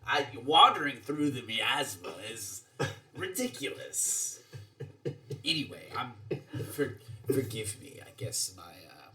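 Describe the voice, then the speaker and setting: Very animated yet slow-paced, a man with a sharp, medium-pitched voice narrates an in-character story during a tabletop game. His telling is rambling and hesitant, full of restarts.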